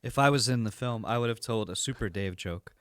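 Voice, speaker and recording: A man co-hosting a podcast, telling a long joke in an animated, playful way. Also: fairly low pitch, a little fast, no echo. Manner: animated storyteller who acts out the characters. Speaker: podcast co-host. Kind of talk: casual chat and joke telling.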